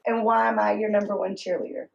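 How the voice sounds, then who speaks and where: Mother in her 30s for a documentary interview: gravelly edge, mid pitch, halting personal storytelling. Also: little pitch movement, muffled recording. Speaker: mother of a transgender child.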